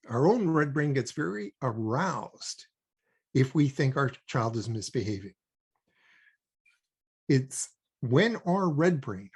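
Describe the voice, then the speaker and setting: Gravelly older man explaining calmly. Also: mid-range voice. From Canada. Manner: measured, emphatic explanations with filler ums. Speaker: guest expert on child development. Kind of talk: conversational explaining.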